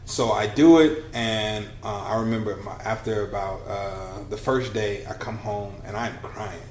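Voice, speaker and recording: A man in his thirties tells his story as a podcast guest, animated and quick to act out whatever dialogue he quotes. The room around him rings a bit, with a faint hiss underneath. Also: lowish voice, roomy sound. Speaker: podcast guest, business coach. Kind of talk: conversational storytelling.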